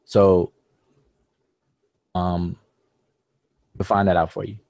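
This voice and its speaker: Low-voiced man explaining on a live stream. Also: little pitch movement, slow, gravelly, a little mellow, dry recording. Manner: patient, explanatory, loose with fillers. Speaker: host. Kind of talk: live-stream discussion lecture.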